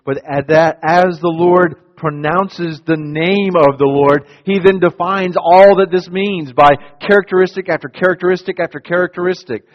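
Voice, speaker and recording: A man preaching a sermon as a pastor, dramatic and emphatic, swinging from loud declarations to hushed lines. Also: fairly high pitch. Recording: dull long-reverb hall sound.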